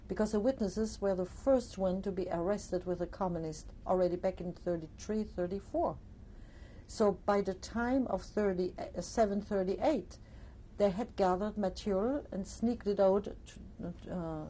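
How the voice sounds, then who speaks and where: An older woman from Alsace, giving a reflective testimony interview, pausing often with "uh" and "you see". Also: medium pitch, dark tone, a little hiss or hum. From Alsace, France.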